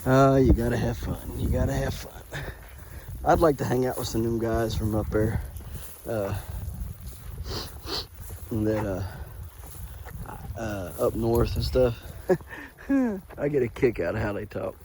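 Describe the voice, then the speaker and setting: A man's voice: medium pitch, measured pace, long pauses, background noise. A man, an easygoing homesteader rambling through an outdoor vlog in a snowstorm. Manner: easygoing, rambling with restarts and fillers. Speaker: homesteader and trapper.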